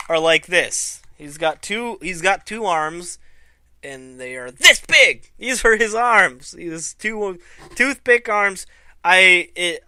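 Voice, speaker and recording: Casual male wrestling vlogger, foul-mouthed and animated, smooth, unhurried, dry. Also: high voice, no room sound. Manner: profane, animated storytelling. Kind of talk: casual commentary.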